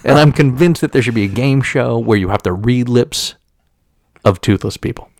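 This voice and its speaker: A middle-aged man from Staten Island with a gravelly edge spins a rambling story, stumbling and restarting as he goes. The sound is close and dry. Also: medium pitch, dry recording. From Staten Island, New York. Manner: rambling, halting with many restarts and fillers. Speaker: podcast co-host. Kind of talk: casual storytelling chat.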